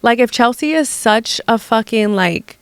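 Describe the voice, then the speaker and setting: A woman's voice: on the high side, measured pace, clear, resonant tone, no room sound. Chatty young woman gossiping about reality TV. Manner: animated, heavy use of "like", profane, exasperated. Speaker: podcast host. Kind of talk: casual gossip chat.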